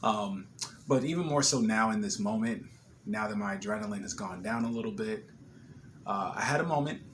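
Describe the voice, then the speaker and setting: Man, home vlog, shaken, animated storytelling, cursing, faint background hiss. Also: on the low side, moderate pace. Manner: animated, swearing, laughing retelling. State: shaken after a scare. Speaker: vlogger. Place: apartment kitchen, smoky.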